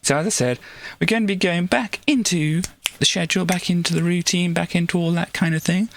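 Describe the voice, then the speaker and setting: A woman's voice: on the low side, fairly quick, a little hiss or hum. A woman streamer chatting casually on a live stream, rambling with frequent restarts and laughs, now and then slipping into playful put-on voices. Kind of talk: casual livestream chat.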